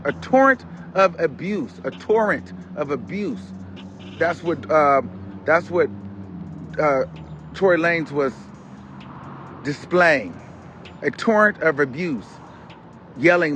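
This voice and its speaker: A man with a fairly high voice delivers casual gossip commentary. He retells events dramatically and with loud exclamations, throwing in quoted lines. Faint outdoor traffic noise sits behind him. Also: expressive, a little slow, lo-fi sound. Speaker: commentary host.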